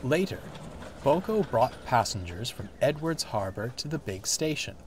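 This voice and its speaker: A man narrating a children's story in an expressive, unhurried way. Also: medium pitch, noisy background. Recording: background music. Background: music.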